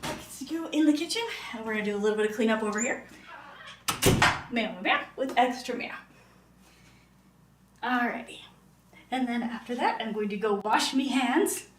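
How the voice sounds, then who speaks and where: A woman's voice: on the high side, moderate pace, pauses often, far from the mic. Playful woman streamer in echoey kitchen. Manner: playful, sing-song, meowing to herself. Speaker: cooking streamer. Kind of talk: casual live-stream cooking chat. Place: home kitchen. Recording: echoey room, voice from afar.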